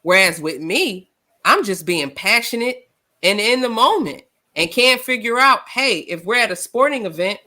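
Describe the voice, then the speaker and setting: Loud, passionate woman co-host. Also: mid-range voice, normal speed. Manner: animated, storytelling with acted quotes. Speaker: podcast co-host. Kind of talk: live discussion show.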